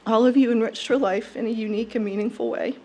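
A young woman delivering a prepared eulogy at a funeral service, in a warm, fond and measured way. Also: a little high, fairly even intonation. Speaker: eulogy speaker.

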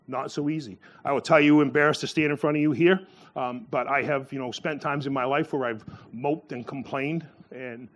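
A man preaching in a relaxed, rambling manner, his voice sitting a little high for a man. He trails through fillers and restarts, then springs up in pitch whenever he acts out someone in a story. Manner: acts out quoted voices with a sharp rise in pitch. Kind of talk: sermon.

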